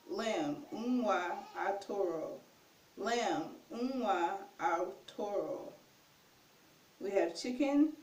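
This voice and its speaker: A woman teaching a casual vocabulary lesson, repeating each word slowly and carefully, and unsure of a few pronunciations. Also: mid-range voice, lively intonation, darkish tone. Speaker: language tutor. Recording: echoey room, far from mic.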